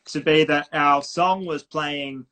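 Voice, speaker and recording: A man's voice: on the high side, steady tone, slow pace, background noise. A young adult man with an Australian accent, a musician telling a story in casual chat. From Sydney, Australia. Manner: chatty, tells anecdotes with quoted voices. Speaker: musician guest.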